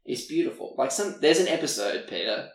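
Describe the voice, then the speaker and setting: A podcast co-host with a fairly high voice talks fairly quickly, retelling a TV episode in casual chat. He laughs often and acts out the characters' lines as an animated storyteller, recorded on a roomy, distant mic.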